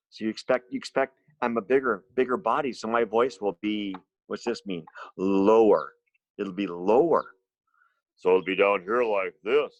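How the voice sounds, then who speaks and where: A man teaching a music lesson to his students from home, explaining slowly and simply and asking them questions. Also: medium pitch, dry recording, muffled recording. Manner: slow, simple explanations with lively questions to children. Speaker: special education music teacher.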